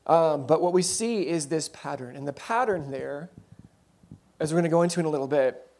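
A man with a slightly raised voice delivers a sermon as relaxed storytelling. He talks like he's chatting with the room, tossing in asides and correcting himself mid-thought. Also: a little high, brisk. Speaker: preacher.

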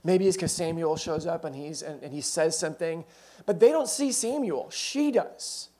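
A man preaching a sermon, telling the story conversationally with quick asides and self-corrections. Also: on the high side, expressive, mellow.

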